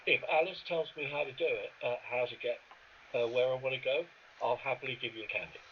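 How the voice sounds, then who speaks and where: A man's voice: mid-range voice, quick pace, breathy edge. A man speaking in character as a tabletop game player, polite and formal, stumbling on his first words. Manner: polite, formal, stammering starts. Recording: dull lo-fi stream audio.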